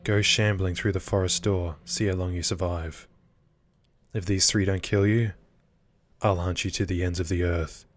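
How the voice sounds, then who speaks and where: Male reader as a vengeful game witch, cold and threatening, deep voice. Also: fairly even intonation, moderate pace. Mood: menacing.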